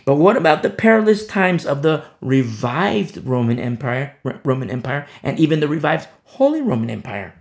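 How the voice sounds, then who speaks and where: A man preaching an expository sermon, passionate, repeating words for emphasis and swinging between loud declarations and hushed asides. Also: on the high side, sing-song, normal speed, hardly any pauses. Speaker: pastor.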